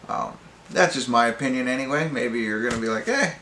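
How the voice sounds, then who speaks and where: A man's voice: mid-range voice, brisk, echoey room, noisy background. A man giving a casual, rambling movie review, full of fillers and restarts. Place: pub.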